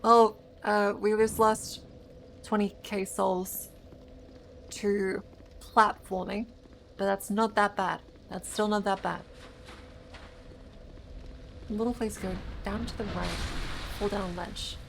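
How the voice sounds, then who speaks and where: A woman livestreams a video game, chatting and reacting as she plays in a flat, medium-pitched voice with vocal fry. She goes slowly, pausing often, stammering and repeating words, her voice slightly strained over a little background noise.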